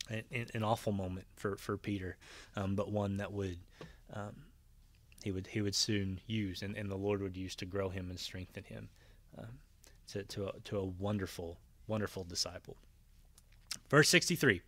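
A man's voice: fairly low pitch, normal speed, a bit bright, no room sound. A man preaching a conversational Bible-teaching sermon, retelling scenes with voiced quotes and frequent fillers and restarts. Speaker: pastor.

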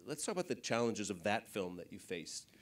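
A man's voice: lowish voice, sing-song, brisk. A man moderating a panel interview, asking rambling, searching questions.

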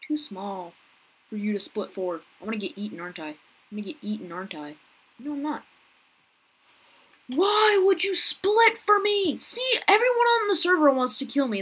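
A woman talking through an online game for her viewers, chatty and quick to get frustrated. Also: on the low side, bright, forceful tone, husky. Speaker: gaming YouTuber. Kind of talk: casual gameplay commentary.

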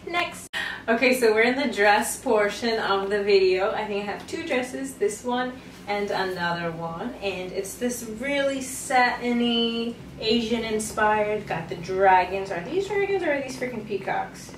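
A woman's voice: medium pitch, measured pace. A young adult woman chatting playfully through a clothing try-on haul, with sassy slangy asides. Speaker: fashion vlogger. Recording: roomy, mic far off, faint noise.

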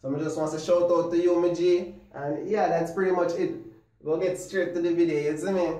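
A man's voice: fairly high pitch, fairly even intonation, a little fast, dark tone, reverberant, rough recording. A man hosting a reaction video, talking casually in slang and laughing along.

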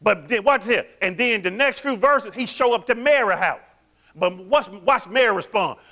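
Man, pastor, sermon, bright forceful tone, call-and-response questions. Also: sits high, normal speed. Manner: animated, quizzes the congregation with call-and-response questions.

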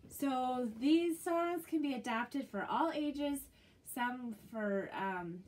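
Recorded from a distance, a woman with a high-pitched, slightly mellow voice sings slowly. She is a librarian leading kids through music and movement with encouraging, sing-song action songs.

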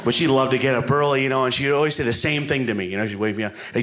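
A man's voice: mid-range voice, steady tone, rapid-fire, fairly bright tone. Guy doing stand-up in a club, rambly and self-deprecating, chatting to the crowd, noisy room behind him. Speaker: stand-up comedian. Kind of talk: stand-up comedy set. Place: comedy club stage before a live audience. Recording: live club recording with room noise.

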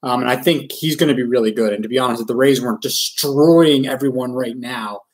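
A man's voice: mid-range voice, brisk, poor audio. A man from Maryland chatting casually on a live stream, self-deprecating and full of ums and uhs. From Maryland, USA. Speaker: live-stream card breaker. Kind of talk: rambling live-stream chat.

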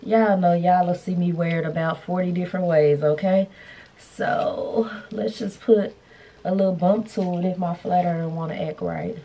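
A woman's voice: on the low side, steady tone, moderate pace, creaky, dark tone. A woman vlogger chatting casually and playfully to her viewers while styling a wig. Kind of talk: casual beauty vlog chat. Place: indoors, hotel room.

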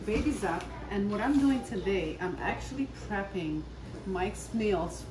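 A woman's voice: mid-range voice, animated, measured pace, background noise. Chatty woman in a roomy kitchen. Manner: chatty, talks to camera while cooking. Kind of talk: casual vlog chat. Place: home kitchen. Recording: roomy kitchen sound from a distance.

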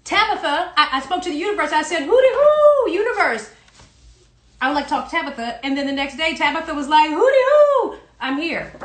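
A woman's voice: high-pitched, pushed and bright, echoey room, slight background noise. A woman from South Carolina with a Southern accent, hosting a playful, chatty livestream show from her home. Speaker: host. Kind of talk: casual livestream chat. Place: home in Brooklyn.

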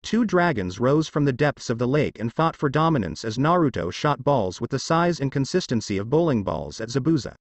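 A man narrating a fanfiction story in a steady storytelling read. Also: medium pitch, fairly quick, hardly any pauses, no echo. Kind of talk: fanfiction reading.

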